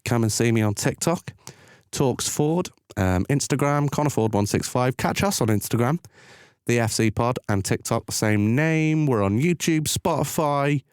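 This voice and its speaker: A man's voice: medium pitch, expressive, normal speed, clean tone, no echo, studio quality. A man co-hosting a football podcast, laid-back, slangy and opinionated. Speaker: podcast co-host. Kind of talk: casual football chat.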